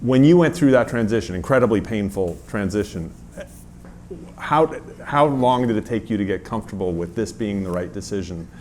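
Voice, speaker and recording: A man moderating an onstage interview, asking measured, relaxed questions. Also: lowish voice, slight background noise. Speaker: interviewer, venture investor.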